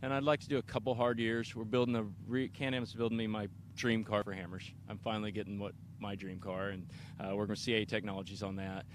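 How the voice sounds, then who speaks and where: A middle-aged man from Kansas talks about his racing in a casual interview, eager and rambling, often restarting his sentences. His voice sits on the low side, and faint vehicle noise hums behind him at the outdoor race park. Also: little pitch movement, fast, few pauses. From Kansas, USA. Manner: enthusiastic, rambling, many restarts. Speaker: off-road racer being interviewed.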